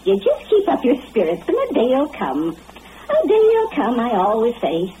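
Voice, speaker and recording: An actress playing a gossipy older country aunt with folksy, ungrammatical talk, in an old radio drama. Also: female voice, fairly high pitch, huge pitch swings, measured pace, phone-quality sound. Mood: nosy. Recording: thin old radio recording, faint hiss.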